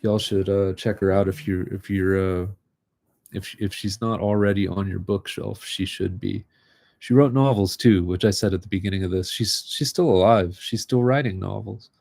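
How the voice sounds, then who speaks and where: A man reading literary short stories aloud in a calm, unhurried way, chatting casually between them. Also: deep voice, vocal fry, dry recording, studio quality. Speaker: reader of short fiction. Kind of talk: live reading of literary fiction.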